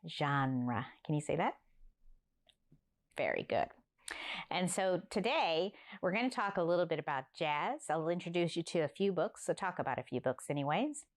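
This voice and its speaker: A woman from Newfoundland hosting a library story time, talking warmly and playfully straight to young children. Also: lowish voice. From Newfoundland, Canada. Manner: animated, coaxing, talks straight to young children.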